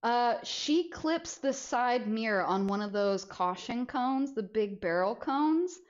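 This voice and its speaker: A young woman with a slightly high voice tells a story casually on a stream, animated and quick to laugh. The audio is a bit dull and lo-fi, like a home streaming setup. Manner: animated, laughs through the story, frequent restarts.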